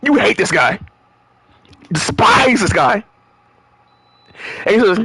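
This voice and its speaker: A man's voice: sits high, expressive, slow pace, vocal fry, long pauses, bright, forceful tone, slightly rough, dry recording. A man streaming a game live, rambling animatedly, laughing often and swearing freely.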